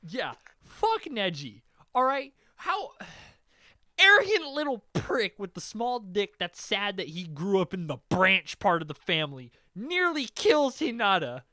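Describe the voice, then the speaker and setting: A man hosting a podcast, talking in an excitable, profane, animated way in casual chat. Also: sits high, measured pace, no echo, studio quality. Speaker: podcast host.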